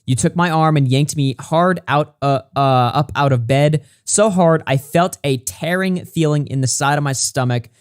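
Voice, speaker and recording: A man reading a written statement aloud in a measured way, with occasional stumbles and brief asides. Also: a little high, clear, resonant tone, no room sound, studio quality. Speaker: commentary YouTuber.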